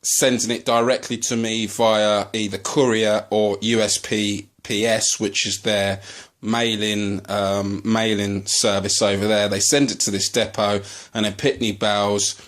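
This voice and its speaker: A man from the UK filming a casual unboxing video as a collector vlogger. He speaks haltingly and turns to angry ranting, full of swearing. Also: on the low side, flat delivery, fairly bright tone.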